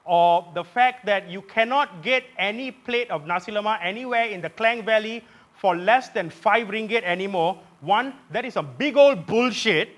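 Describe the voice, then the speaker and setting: Audience laughter fills the theatre as a Malaysian English-accented host delivers a satirical monologue with punch, shouting the punchlines. He speaks in a high voice at normal speed, leaving few pauses.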